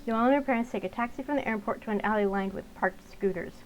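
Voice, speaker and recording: A woman's voice: a little high, fast talker, slight background noise, poor audio. A young woman narrating a visual novel and chatting casually between lines, with fillers. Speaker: gaming channel host. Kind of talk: let's-play narration and casual commentary.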